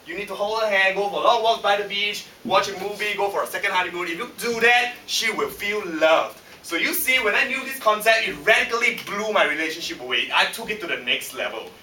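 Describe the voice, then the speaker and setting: A man with a Singaporean English accent giving a humorous contest speech in a lively, punchy way that teases the audience, recorded in a function room by a far camera. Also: high voice, fairly quick, hardly any pauses, slight background noise. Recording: echoey hall from far off.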